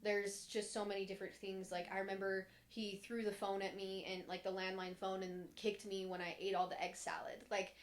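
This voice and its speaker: A woman's voice: mid-range voice, flat delivery, fairly quick, hardly any pauses. A young woman on a podcast, casually recounting her childhood in a candid, rambling way, full of "like" and restarts, sometimes voicing others in a sharper tone. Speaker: podcast co-host. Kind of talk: casual personal storytelling.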